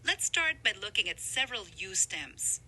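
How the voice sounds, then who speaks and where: A woman narrating a scripted grammar lesson, explaining clearly with emphasis. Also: mid-range voice, very animated, moderate pace, bright, forceful tone, low-quality recording. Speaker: language instructor.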